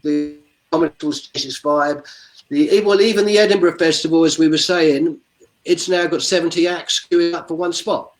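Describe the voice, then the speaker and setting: Guy on a video call rambling through his old gig stories, slightly high voice, keeps wandering off and circling back. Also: fairly even intonation, normal speed, rough recording. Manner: chatty, digressive storyteller. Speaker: street performer guest. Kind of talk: casual video-call interview.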